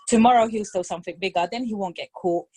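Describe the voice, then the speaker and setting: A woman's voice: mid-range voice, fast. A woman telling a story in casual chat, acting out the voices and dropping into phrases. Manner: animated storytelling, acts out voices, code-switches to Spanish. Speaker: podcast guest.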